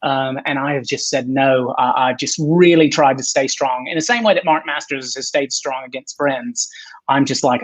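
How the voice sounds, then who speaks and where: A man's voice: mid-range voice, steady tone, moderate pace, rough recording. A man in his forties, a guest on a video-call chat, talking in a rambling, self-deprecating way with many restarts.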